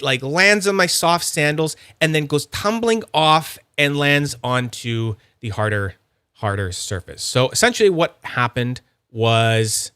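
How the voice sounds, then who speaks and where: Chatty man with a bright, crisp voice. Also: fairly high pitch, no room sound, clean studio sound. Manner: rambling, filler-heavy, chatty. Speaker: fidget toy reviewer. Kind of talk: casual unboxing chat.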